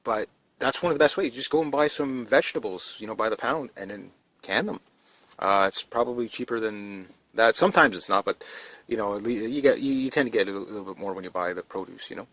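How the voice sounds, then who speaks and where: A man's voice: on the low side, quick pace, fairly bright tone. A man vlogging casually to camera about prepping, talking in a rambling, down-to-earth way with lots of fillers and restarts. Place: indoors in a trailer.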